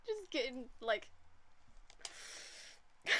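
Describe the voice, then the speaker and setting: British woman streaming, playful and crude, bright voice, takes her time. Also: fairly high pitch, sing-song, unhurried, long pauses. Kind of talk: casual gameplay commentary.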